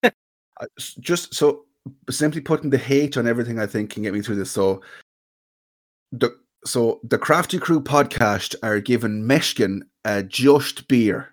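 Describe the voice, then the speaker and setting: A man's voice: mid-range voice, lively intonation, measured pace. A man with a Mayo accent co-hosting a podcast, chatting loosely and laughing. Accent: Irish, Mayo. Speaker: podcast co-host. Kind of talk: casual chat.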